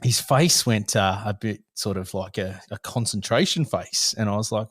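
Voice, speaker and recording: An Australian man in his thirties hosts a casual podcast chat, his voice hoarse and rough from a recent illness. He spins an animated story and laughs through the telling. The sound is dry and close, with almost no room to it. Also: fairly low pitch, normal speed, no echo. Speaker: podcast host.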